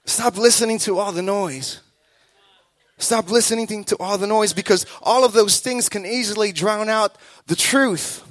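A man preaching a sermon, emphatic and repetitive, building to loud calls and acting out the voices of people in his stories. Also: high-pitched, a little slow, no echo. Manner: acts out quoted voices in the telling.

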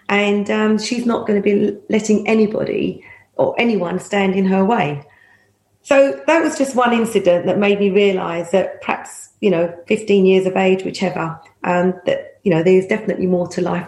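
A middle-aged woman, a former police officer telling stories in an interview. She talks in a lively way, laughs often and acts out the voices of people she quotes. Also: medium pitch. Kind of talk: anecdotal storytelling. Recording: roomy echo.

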